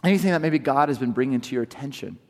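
A man from Southern California preaching a sermon, telling stories in an animated way and often restarting his sentences. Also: medium pitch, rapid-fire, big-room sound. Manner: animated storytelling with repeated restarts. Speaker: pastor.

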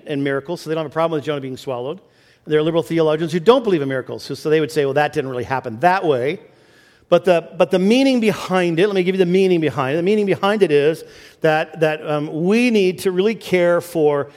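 A high-voiced man preaching a sermon to his congregation. He talks in an animated way, restarting phrases and climbing in pitch to drive a point home. His voice rings with the long reverb of a large church hall. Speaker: pastor.

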